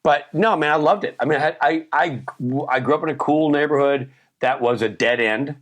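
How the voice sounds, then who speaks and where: A man in his fifties with a Southern US accent, chatting as a podcast guest and telling animated stories with quick laughs and restarts. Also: on the high side. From Nashville, Tennessee. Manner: animated storyteller, laughs often, frequent restarts. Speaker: guest, actor. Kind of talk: casual podcast chat.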